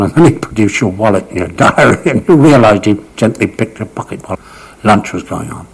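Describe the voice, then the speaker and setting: Older-style raconteur, a man with a low, husky voice who slips into others' voices as he tells stories. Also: animated, a little fast, rough recording. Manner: acts out quoted speech in shifting voices. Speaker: storyteller. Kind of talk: anecdotal reminiscence.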